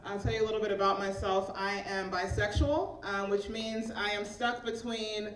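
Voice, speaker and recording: A woman's voice: mid-range voice, fairly even intonation, moderate pace, few pauses, reverberant, recorded from a distance, noisy background. A woman doing a stand-up comedy set with bubbly, self-deprecating delivery.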